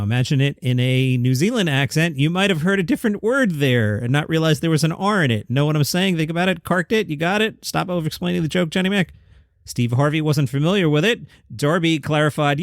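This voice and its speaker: A man's voice: a little high, dry recording, studio quality. A middle-aged man hosting a comedy news podcast, reading headlines with wry, self-mocking asides to himself. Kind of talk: scripted comedy news commentary.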